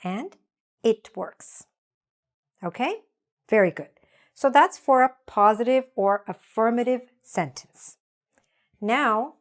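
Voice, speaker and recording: A woman teaching English grammar in a patient way, saying example sentences slowly so learners can repeat them. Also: mid-range voice. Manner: slow, patient, spells out examples slowly for repetition. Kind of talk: grammar lesson with repeat-after-me drills.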